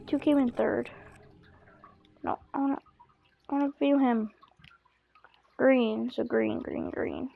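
Slow, gravelly-voiced woman gamer. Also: sits high, a little mellow. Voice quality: voice keeps cracking. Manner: chatty, keeps apologizing, swears at the game. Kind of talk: live gameplay commentary.

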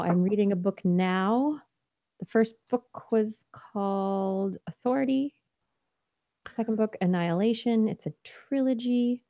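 A woman's voice: mid-range voice, dry recording, highs cut off. A tired woman hosting a podcast, rambling casually in an after-show chat and dropping now and then into half-whispers. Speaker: podcast host.

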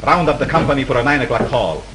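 An actor playing a calm, decisive male studio executive settling a dispute in a 1930s film. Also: mid-range voice, fast, noisy background, lightly acted. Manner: calming, decisive.

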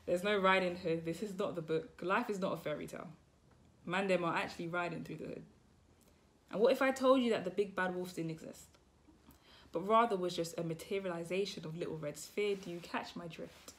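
A young woman with a fairly low voice performs spoken word poetry. Her delivery is rhetorical and questioning, speaking straight to the listener. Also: fairly quick. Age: young adult. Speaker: poet.

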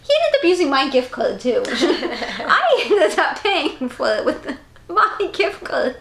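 A middle-aged woman with a high, very lively voice chats casually as a co-host, giggling as she tells stories and slips into other people's voices. The room around her is echoey. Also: takes it slowly, creaky, slight background noise. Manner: giggly storyteller, acts out quoted voices. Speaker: podcast co-host. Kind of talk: casual chat.

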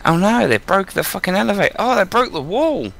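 Male gamer, bright and playful, faint background noise. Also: high-pitched, very animated, brisk, vocal fry. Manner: joking, playful. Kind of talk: casual gaming chat, reading quest text aloud.

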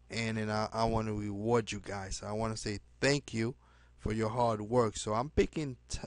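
A man making a direct-to-camera sales pitch as a network marketing recruiter, pushy and halting, dropping "okay?" again and again, with loud bursts of emphasis and quiet trailing asides. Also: no room sound. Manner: pushy, repeats "okay?" often, halting restarts.

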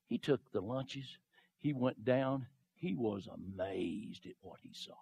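A man preaching a sermon, acting out the figures of the stories he retells and swinging from low murmurs to shouted declarations. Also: measured pace, vocal fry, slightly rough. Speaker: pastor.

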